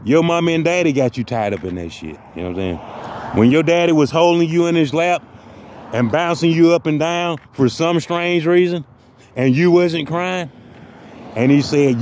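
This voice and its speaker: A man's voice: on the high side, moderate pace, darkish tone, slight background noise. A man delivering a profane, mock-motivational comic rant that loops back on the same phrases. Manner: mock-motivational, repeats phrases, heavy cursing.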